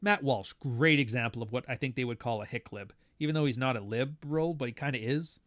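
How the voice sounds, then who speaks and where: Canadian male podcast host, mid-pitched, sardonic and foul-mouthed, ranting in a dead room. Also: brisk, fairly bright tone, no room sound, studio quality. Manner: profane, blunt, sardonic. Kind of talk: casual podcast rant.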